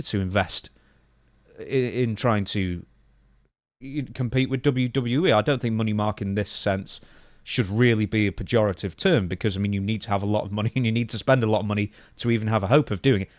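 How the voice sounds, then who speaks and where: A man's voice: lowish voice, fairly quick, dry recording, clean studio sound. A man co-hosting a podcast, reading news quotes aloud and then commenting on them conversationally. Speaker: podcast co-host.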